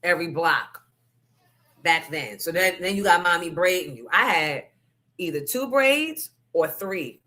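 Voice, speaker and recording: Brief: woman host, casual chat, bright and forceful tone, candid and salty. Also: fairly low pitch, animated, unhurried. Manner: candid, profane storytelling with asides to the audience.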